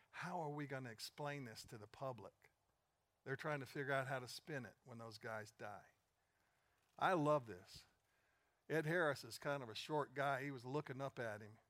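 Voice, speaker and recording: An older man preaching a sermon, retelling conversations and building to loud, emphatic peaks. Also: a little high, no echo. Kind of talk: sermon storytelling.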